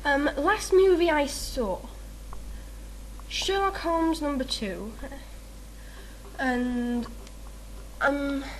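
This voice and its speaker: Brief: chatty woman with a slightly high voice, rambling and self-mocking. Faint hiss under the voice. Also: drawn-out words, long pauses. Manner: rambling, giggly, self-mocking, lots of fillers. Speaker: video maker answering a meme questionnaire. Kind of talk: casual chat.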